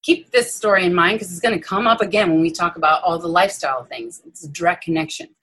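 A middle-aged woman, a breast cancer surgeon, giving an animated guest explanation with playful, self-mocking asides. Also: lowish voice, fast, breathy edge, poor audio. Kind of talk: animated explanatory interview talk.

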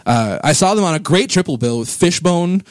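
A man's voice: fairly high pitch, animated, normal speed, no room sound. Enthusiastic rambling male podcast host. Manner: enthusiastic, rambling, gets emotional about music. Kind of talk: casual music podcast chat.

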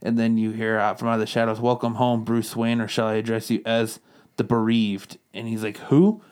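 A man's voice: fairly low pitch, completely flat delivery, brisk, clear, resonant tone. A man co-hosting a casual podcast, rambling through a comic plot and tossing in quoted lines as he goes. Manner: rambling recap, quotes characters in passing. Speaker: podcast co-host reviewing comics. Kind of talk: casual chat.

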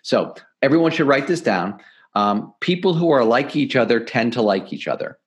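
A middle-aged man, a podcast guest, explaining sales techniques in an energetic, emphatic coaching manner. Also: medium pitch, normal speed. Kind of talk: podcast interview, teaching sales tips.

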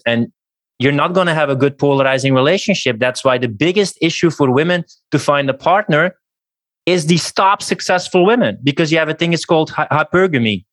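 A man's voice: mid-range voice, no echo, clean studio sound. A man in casual podcast chat, earnest and opinionated, lecturing steadily.

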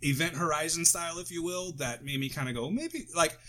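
A man's voice: on the high side, a little fast, sharp tone. An American man casually chatting on a podcast, rambling off on tangents and interrupting himself, close to the mic. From United States. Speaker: podcast co-host. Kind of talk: casual chat.

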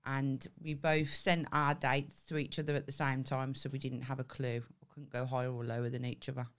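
A woman with a notably low voice co-hosts a comedy podcast. She talks casually and bluntly, swears freely and laughs often. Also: flat delivery, fairly quick, clear, resonant tone.

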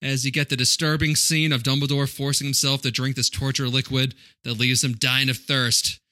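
A man's voice: medium pitch, level tone, bright, forceful tone. A man co-hosting a podcast, recapping the story in casual chat, laughing often. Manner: laughing, recaps plot in quick bursts.

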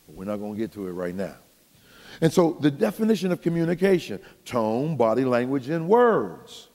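A man's voice: mid-range voice, moderate pace, in a large hall. An older man, a pastor telling folksy stories to his congregation in a sermon. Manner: folksy, animated, talks straight to the congregation. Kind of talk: storytelling sermon.

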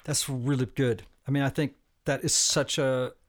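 A man's voice: mid-range voice, fairly even intonation, moderate pace. A man hosting a casual panel discussion, explaining ideas with energy and often checking in with "right?". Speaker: podcast host.

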